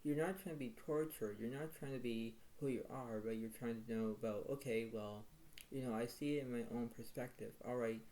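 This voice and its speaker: Man, tarot reader, mellow dark voice, rambling, repetitive. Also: mid-range voice, rough recording. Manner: rambling, repetitive, filler-heavy. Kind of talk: weekly tarot reading.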